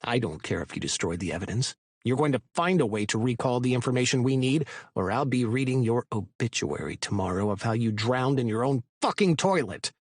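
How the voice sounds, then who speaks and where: A man's voice: medium pitch, lively intonation, a little fast, few pauses, husky, dry recording, clean studio sound. A man doing a stern, threatening cop. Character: stern male cop, stiff and hard.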